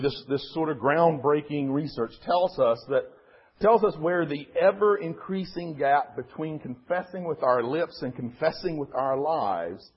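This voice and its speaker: A man's voice: medium pitch, breathy edge, highs cut off. A man giving a sermon as a pastor, telling a story in an earnest, emphatic way.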